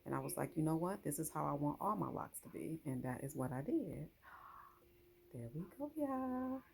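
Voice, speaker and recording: A woman vlogger talks her viewers through a hands-on task in a loose, chatty way. Her voice sits low and has a husky, gravelly grain. The tone is dark and mellow rather than bright. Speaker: hair vlogger. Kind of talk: casual how-to vlog.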